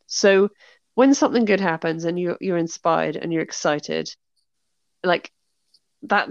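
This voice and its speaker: A woman's voice: lowish voice, vocal fry, no echo, highs cut off. A British woman, an author hosting a casual chat, talking freely, laughing often and acting out the reactions she describes. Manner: chatty, laughs often, acts out quoted reactions. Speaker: author and podcast host.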